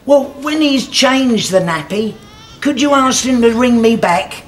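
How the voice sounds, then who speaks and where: An actor playing an old pub regular with no name, who talks in a slow, grumbling way. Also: male voice, very high voice, animated, fairly bright tone, a little hiss or hum, heavily acted.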